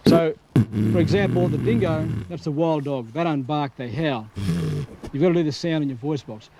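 A man's voice: on the high side, animated, normal speed, very noisy. A man patiently explaining, step by step, how to play the didgeridoo. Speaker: didgeridoo teacher. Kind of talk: instructional demonstration.

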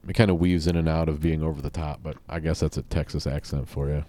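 A man's voice: extremely low pitch, steady tone, quick pace, few pauses, dark tone, no echo. A man hosting a solo podcast, talking in a rambling, offhand and profane way. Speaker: podcast host. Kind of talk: casual solo podcast chat.

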